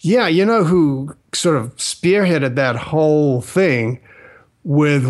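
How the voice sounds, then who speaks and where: An older man, a recording engineer, telling studio anecdotes in a lively way on a radio interview, even imitating sounds. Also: on the high side.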